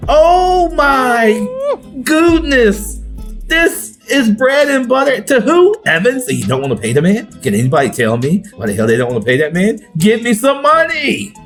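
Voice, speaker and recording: A man's voice: extremely high pitch, moderate pace, soft background music. A man talking as a guest on a sports podcast, in playful, exclamatory banter. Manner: animated and exclamatory, playful swoops.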